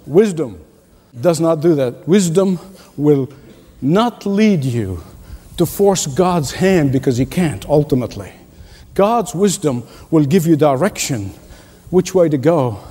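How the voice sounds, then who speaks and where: A man's voice: a little high, animated, slow pace, mellow, husky, big-room sound. A man preaching a sermon as pastor, emphatic, repeating key lines and chuckling at his own stories.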